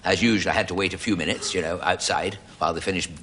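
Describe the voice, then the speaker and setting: A man delivering a deadpan comic monologue to a studio audience. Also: low-pitched, quick pace, slight background noise. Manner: deadpan storytelling with put-on voices. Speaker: comedy sketch presenter.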